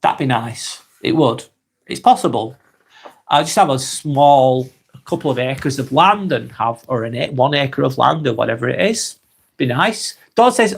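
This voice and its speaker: A man in his forties with a Lancashire accent, hosting a calm live vlog and reading comments while he has a cold. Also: mid-range voice, creaky, slightly rough. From East Lancashire, England. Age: 40s. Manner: unhurried, reflective, musing aloud with tag questions.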